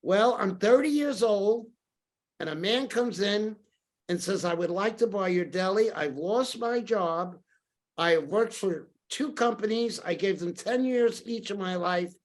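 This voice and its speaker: On a podcast, an older man from New York shares stories during a casual interview. He talks a little slowly with a high voice, lively and anecdotal, acting out quoted conversations.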